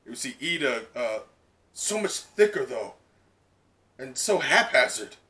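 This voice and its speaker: Brief: male reaction host, rambling and excitable, with a bright, tense voice. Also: medium pitch, a little slow. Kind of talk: live comic reaction.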